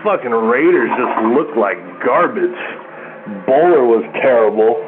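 A man's voice: mid-range voice, animated, measured pace, background noise. A man leaving a casual, dejected call-in message, with some swearing. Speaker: caller. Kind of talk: voicemail message. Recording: tinny phone line.

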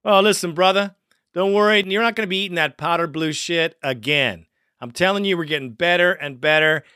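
Bright-voiced profane call-in host. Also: male voice, fairly high pitch, fairly quick, smooth, no echo, clean studio sound. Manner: profane, hyped, calls everyone partner. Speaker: podcast host. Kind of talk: fan call-in show banter.

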